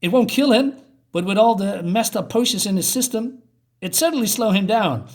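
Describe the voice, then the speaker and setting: A man's voice: high voice, expressive, moderate pace, voice pushed up. A man voicing a pathetic male snake beast who whines and pleads, reading from a comic. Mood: pleading. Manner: whiny, pleading.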